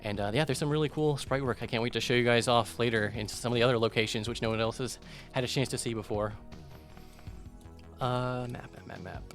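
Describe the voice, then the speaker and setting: A man casually commentating a video game on a live stream, relaxed and rambling. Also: mid-range voice, a little fast, soft background music. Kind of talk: casual let's-play commentary.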